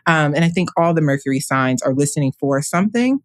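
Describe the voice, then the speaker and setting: A woman's voice: low-pitched, animated, fast talker, no echo. A woman in her thirties speaks as a guest on an interview podcast. She talks in a thoughtful, meandering way and often restarts her sentences. Her voice is recorded close and dry. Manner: thoughtful, with many fillers and restarts. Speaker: astrologer guest. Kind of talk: casual interview conversation.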